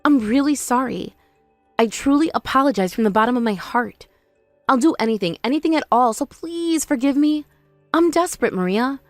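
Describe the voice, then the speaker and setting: Woman doing a desperate apologetic young wife, begging, kinda high voice, soft music under it. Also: lively intonation, moderate pace, no echo. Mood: pleading. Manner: pleading, apologetic. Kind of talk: scripted drama voice acting.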